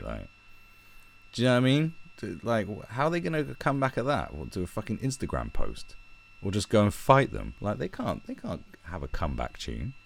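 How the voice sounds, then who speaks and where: A man rants in a sarcastic, profane commentary, his low voice swinging widely in pitch. He talks like an online commentator venting to his viewers, with mocking asides. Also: vocal fry. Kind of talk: ranting commentary.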